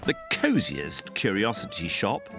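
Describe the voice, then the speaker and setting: A man's voice: lowish voice, wildly swooping pitch, measured pace. A man giving scripted TV narration in a playful, punning style. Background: music.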